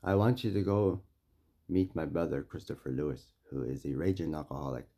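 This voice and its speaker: A man from Saskatchewan, Canada, speaking directly to a mayor and making demands, with confrontational stories that swing between loud and quiet. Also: a bass voice, brisk. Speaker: First Nation community member addressing a mayor. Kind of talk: impassioned direct address and storytelling.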